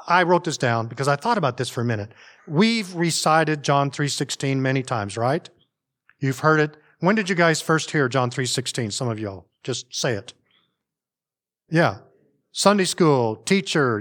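A man's voice: fairly high pitch, fairly bright tone. Folksy man preaching a sermon. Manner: folksy, conversational preaching with asides to the congregation. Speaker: family pastor.

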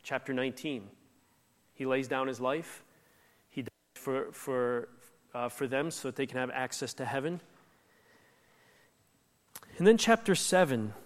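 A man's voice: mid-range voice, a little slow, pauses often. A man preaching a sermon in a conversational, emphatic way, acting out the lines he quotes. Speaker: pastor. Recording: echoey hall reverb.

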